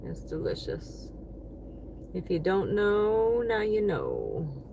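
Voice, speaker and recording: Lady on a live stream, unhurried talk, greets chat by name, bit of car hum behind. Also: medium pitch, huge pitch swings, gravelly, warm tone. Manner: chatty, thanks viewers by name. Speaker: livestreaming delivery driver. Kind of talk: casual livestream chat.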